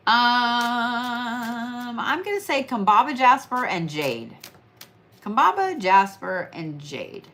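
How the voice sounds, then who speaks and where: A woman's voice: on the high side, sing-song, slow pace, sharp tone. A young woman with an Oklahoma accent hosting a casual horoscope reading, tired and yawning, chatty and teasing, repeating phrases for emphasis. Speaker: astrology and reiki livestream host.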